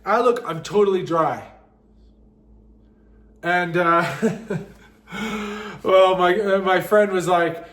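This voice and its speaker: A man with a notably high voice tells a personal story in a loose, casual way, often cracking up as he goes. He sounds animated and informal, and his voice rings in a roomy, echoey space. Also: takes it slowly, pauses often. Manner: animated, breaks into frequent laughter.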